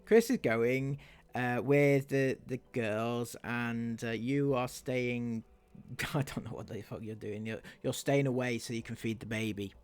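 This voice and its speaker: A man's voice: medium pitch, steady tone, a little slow, clean tone. A man doing sarcastic commentary on online clips, mocking and laughing at what he plays. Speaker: commentary YouTuber.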